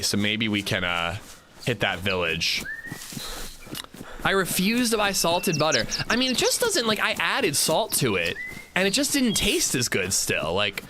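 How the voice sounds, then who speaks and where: A young man chatting casually on a gaming livestream, rambling and animated as he reads chat while playing. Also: fairly high pitch, background noise.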